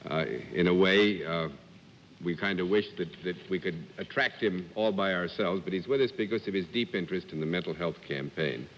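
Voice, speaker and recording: A man's voice: sits low, normal speed. A man hosts a 1950s panel game with formal, courtly phrasing and a mock-stern edge. The old broadcast sound is dull and narrow, with a long reverb from the studio and a faint hiss. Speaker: host.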